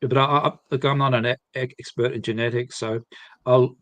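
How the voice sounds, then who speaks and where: A man speaking as a guest at a live seminar, explaining in halting phrases with frequent restarts. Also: medium pitch, fairly even intonation, a bit bright, no echo. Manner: halting, many restarts and repeated words.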